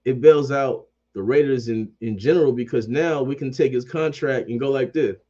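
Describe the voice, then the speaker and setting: A man's voice: mid-range voice, moderate pace, dark tone, muffled recording. A man ranting about sports as a fan commentator. He swears constantly, repeats phrases, and keeps up a heated, profane energy.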